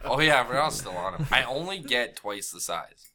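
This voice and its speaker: A man's voice: medium pitch, expressive, moderate pace, bright, forceful tone. A man playing a tabletop game, joking with friends. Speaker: player. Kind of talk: casual tabletop play.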